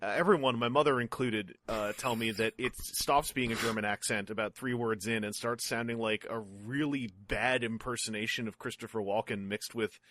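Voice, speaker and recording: A man's voice: lowish voice, steady tone, moderate pace, few pauses, fairly bright tone. A man talking as a guest on a podcast, chatty, jokey and self-deprecating as he rambles. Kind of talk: casual chat.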